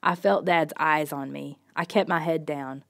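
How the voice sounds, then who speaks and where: A woman reading a children's storybook in the first person, steady and expressive. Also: low voice, a little slow, vocal fry. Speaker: audiobook reader.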